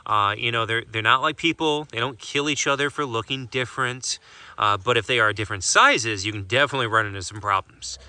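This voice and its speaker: A man's voice: mid-range voice, a little fast, music in the background. A man who keeps an animal sanctuary, chatting casually in a vlog with lots of fillers, speaking outdoors by an animal enclosure. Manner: rambling, loose, full of fillers.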